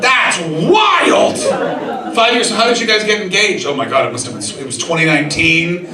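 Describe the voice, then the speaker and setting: Male stand-up comic working the crowd, slightly high voice, heard from a distance in an echoey club with a laughing audience. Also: normal speed. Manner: animated, shouting impressions of excited people. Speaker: stand-up comedian. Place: comedy club stage with audience. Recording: roomy club sound from far off, crowd laughter.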